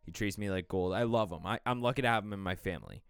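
A man's voice: deep voice, fast, gravelly, smooth, dry recording. A young man co-hosting a podcast, telling laid-back stories with casual swearing. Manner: laid-back storyteller, profane. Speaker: podcast co-host.

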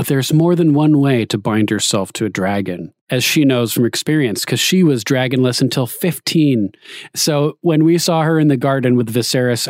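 A man's voice: medium pitch, a little mellow, no room sound, clean studio sound. A man casually recapping a TV episode, laughing often and acting out the characters' lines in playful paraphrase. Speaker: show recapper.

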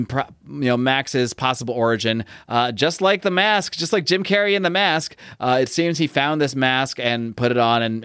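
A young man talks through a comic book in easygoing chat, wandering through fillers and restarts. His voice is smooth and clear. It is recorded close and dry with no room sound. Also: mid-range voice, fairly bright tone, no room sound. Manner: rambling, many fillers and restarts, reads out dialogue. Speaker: podcast co-host discussing comics. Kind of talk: casual chat recapping a comic.

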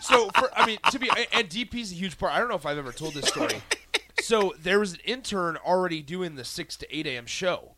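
A man's voice: high voice, lively intonation, fairly quick, heavy background noise. A young man and radio show producer telling a long story in casual sports radio banter, often restarting his sentences. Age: young adult.

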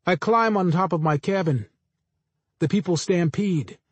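A man reading first-person literary fiction aloud in a measured, understated way. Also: sits high, slightly rough, dry recording. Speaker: audiobook narrator.

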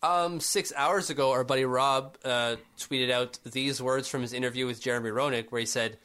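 A man's voice: mid-range voice, steady tone, normal speed, hardly any pauses, bright, forceful tone. A man co-hosting a casual sports podcast, arguing his points and getting worked up in exasperated rants. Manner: argumentative, rising to exasperated rants. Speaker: podcast co-host.

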